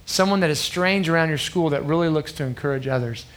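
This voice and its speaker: A man's voice: on the high side, fast. A man in his thirties preaching to a youth group, earnest and conversational, often checking in with the crowd. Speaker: youth pastor.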